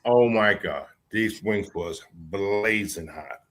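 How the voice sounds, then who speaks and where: A man guest in a casual interview, telling stories slowly and haltingly with restarts. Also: low-pitched, fairly bright tone. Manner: slow, halting storyteller with restarts. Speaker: guest, former security man.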